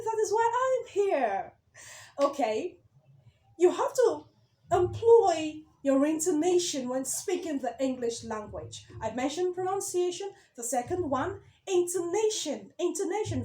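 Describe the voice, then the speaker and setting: Female speech coach, emphatic and questioning, lively swinging pitch. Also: roomy sound. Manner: emphatic, repeats key words, rhetorical questions. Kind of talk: direct-to-camera lesson.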